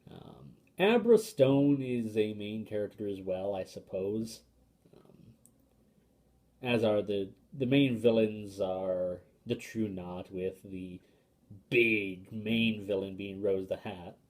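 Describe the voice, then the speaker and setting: A young man with a fairly low voice talks through a book review in a casual, unscripted way. He hesitates often, restarts his sentences and fills pauses, but states his opinions plainly. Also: a little mellow.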